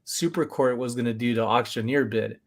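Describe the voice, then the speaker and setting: A man hosting a casual chat, telling lively stories and acting out what people said. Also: mid-range voice, fairly quick. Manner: animated storyteller, acts out voices. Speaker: podcast host.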